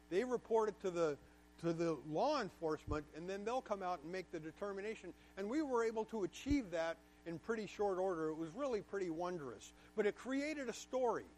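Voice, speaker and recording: Guest speaker, male, higher-pitched, emphatic and candid, personal storytelling to a class. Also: a little mellow, a little hiss or hum. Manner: emphatic, candid, repeats words for stress.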